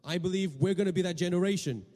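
High-voiced preacher man in a reverberant hall. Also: fast, a little mellow. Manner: questioning the congregation, repeating words. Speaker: pastor. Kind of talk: sermon.

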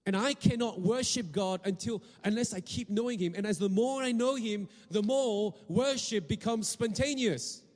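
A man's voice: high-pitched, moderate pace, hardly any pauses, a little mellow, in a large hall. A man preaching a sermon to a congregation, often asking them questions and repeating words as he goes. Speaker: pastor.

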